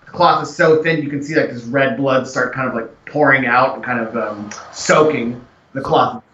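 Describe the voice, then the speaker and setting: A man running a tabletop game as game master, narrating in a relaxed way with many fillers. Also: medium pitch, moderate pace. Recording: echoey room, dull lo-fi mic with faint hiss.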